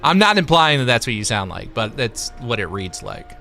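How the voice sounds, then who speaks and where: A man's voice: medium pitch, big pitch swings, moderate pace, creaky, sharp tone, soft background music. A young man hosting a live stream, reading chat and donations aloud in a laid-back, chuckling way. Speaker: livestream host reading chat.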